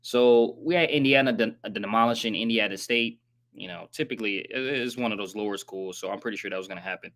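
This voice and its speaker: A man hosting a casual live sports recap, rambling in slangy, profane talk and saying he sounds flat and let down. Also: on the low side, fast. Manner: says he sounds monotone and disappointed. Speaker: sports channel host.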